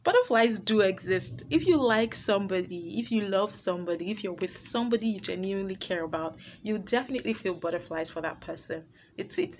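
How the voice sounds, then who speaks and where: A woman's voice: lowish voice, slight background noise. A woman hosting her own advice vlog, talking to camera in a blunt, emphatic way. She laughs easily and often repeats her points. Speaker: vlogger host.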